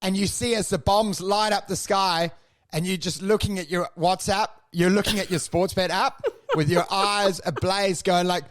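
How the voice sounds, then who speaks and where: A man co-hosting a crude comedy podcast, riffing excitedly, swearing and laughing. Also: high voice, moderate pace. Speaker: podcast co-host.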